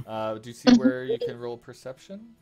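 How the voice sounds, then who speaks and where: A man narrating as game master of a tabletop game, halting with frequent filler sounds. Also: mid-range voice, wildly swooping pitch, warm tone, soft background music.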